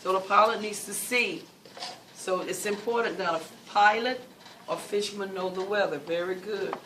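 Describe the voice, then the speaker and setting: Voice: mid-range voice, normal speed, pushed and bright. A teacher leading a classroom reading lesson, patiently repeating questions and key words for the students. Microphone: far from the mic. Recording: distant, noisy classroom recording.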